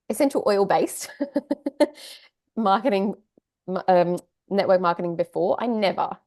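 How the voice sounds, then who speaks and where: A woman's voice: on the low side, a little mellow. A woman in her thirties, a podcast guest, telling her personal story in a candid, chatty and heartfelt way. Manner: candid, chatty, heartfelt, with laughs and side asides.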